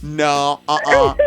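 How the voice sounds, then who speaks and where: A man hosting a live radio talk show from a studio, teasing and laughing with his guests. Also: on the high side.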